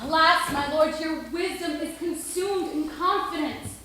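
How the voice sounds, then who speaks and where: A fearful Roman wife, urgent and pleading, played by a woman in a high voice. Heavy room echo hangs over the stage recording. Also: unhurried, pushed and bright, slight background noise, full character voice. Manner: urgent, pleading verse delivery. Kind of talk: amateur stage Shakespeare. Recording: echoey room.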